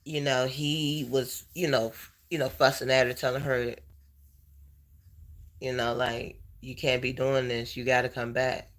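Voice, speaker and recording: A man in a heartfelt personal chat with his viewers, tearful, halting and emotional. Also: medium pitch, flat delivery, fairly bright tone. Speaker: vlogger.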